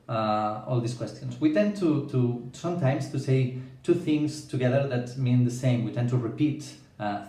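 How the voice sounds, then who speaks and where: A man's voice: mid-range voice, dark tone, far from the mic. A man explaining a language lesson as a teacher, checking in with the listener by often asking "yeah?". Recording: echoey room, away from the mic.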